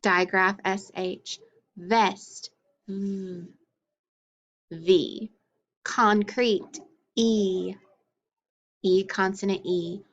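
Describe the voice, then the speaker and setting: A woman's voice: mid-range voice, fairly even intonation, extremely slow, a bit bright, highs cut off. A woman teaching a phonics lesson to children, drilling letters and sounds with patient encouragement.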